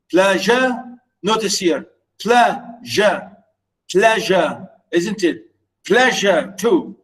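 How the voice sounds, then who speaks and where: A man's voice: high voice, expressive, very slow, fairly bright tone, low-quality recording. A male teacher giving an online literature lesson, patiently repeating words and chanting stress patterns.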